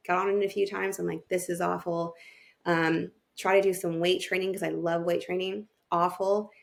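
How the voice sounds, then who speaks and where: A woman's voice: medium pitch, creaky. A woman who works as a family therapist, a podcast guest telling her own story openly and with feeling, acting out what she thought at the time. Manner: open and emotional, acts out her own past thoughts. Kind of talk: candid personal storytelling.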